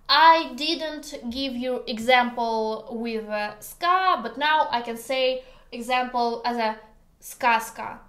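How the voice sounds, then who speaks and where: A woman with a Russian accent teaches in a casual video lesson, her high voice moving at a slow, careful pace. She pauses often, jokes along the way, and the kitchen adds a clear echo. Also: a bit bright. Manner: slow, careful, hesitant English with many pauses; playful, joking. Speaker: language teacher. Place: home kitchen. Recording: echoey kitchen room.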